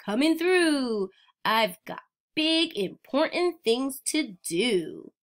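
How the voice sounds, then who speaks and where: A woman's voice: high-pitched, very animated, slow pace, full character voice. A woman doing a self-important dump truck. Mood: boastful.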